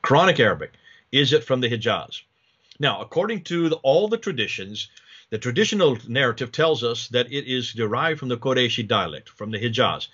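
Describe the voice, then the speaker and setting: A man's voice: mid-range voice, big pitch swings, fairly quick, fairly bright tone, slightly rough. Man lecturing from slides, lo-fi sound. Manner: explanatory, rhetorical questions, many restarts.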